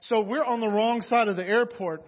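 A young man from Atlanta preaching a sermon, telling a story with animated, dramatic energy and many restarts. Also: high-pitched, normal speed. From Atlanta, USA. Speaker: pastor. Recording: dull lo-fi recording.

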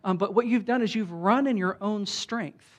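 Animated conversational pastor preaching. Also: medium pitch, normal speed. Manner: animated preaching that swings between loud emphasis and hushed asides; conversational, with frequent restarts and filler like "like". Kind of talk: sermon.

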